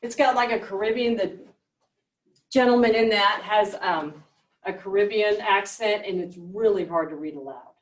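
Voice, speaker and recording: A woman's voice: mid-range voice, moderate pace. A woman teacher leading a reading lesson, explaining step by step and asking the class questions. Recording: echoey classroom, mic at a distance.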